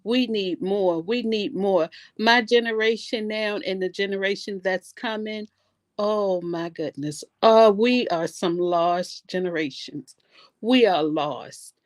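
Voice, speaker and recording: A woman's voice: mid-range voice, slow, no room sound. A young woman, a guest on a talk show, speaking emphatically and repeating her phrases. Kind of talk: casual panel talk.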